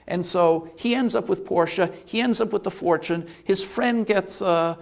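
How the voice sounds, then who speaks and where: A man giving a lecture, retelling a play as an animated storyteller who often restarts and fills with "uh". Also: high-pitched, moderate pace, creaky. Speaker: economics lecturer.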